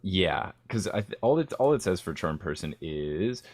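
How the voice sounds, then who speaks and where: A man's voice: deep voice, big pitch swings, normal speed, no room sound. A man thinking aloud and laughing easily as a player in a tabletop game. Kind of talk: tabletop game play chat.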